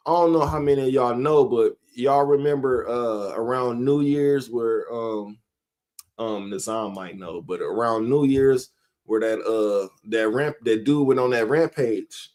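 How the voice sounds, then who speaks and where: Speaking in a medium-pitched, slightly mellow voice, a middle-aged streamer talks casually and rambles. He chuckles frequently and calls out names of viewers in the chat.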